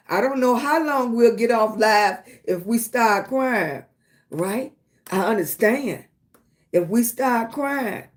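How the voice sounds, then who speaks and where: A woman's voice: a little high, darkish tone. A middle-aged woman from Virginia, hosting a livestream, giving encouragement and greeting viewers affectionately by name, often asking "right?". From Virginia, USA. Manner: affectionate, calls listeners baby and sweetie, keeps asking "right?". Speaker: livestream host. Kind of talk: live-stream motivational talk and greeting viewers.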